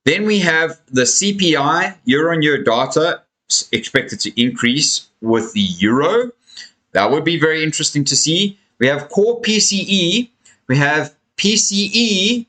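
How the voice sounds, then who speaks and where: A man's voice: a little high, animated, unhurried, bright, forceful tone, low-quality recording. A man hosting a casual live crypto stream, tired and yawning, chatting to viewers as friends and drawing out words for emphasis. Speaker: crypto livestream host. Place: home room with a fan running.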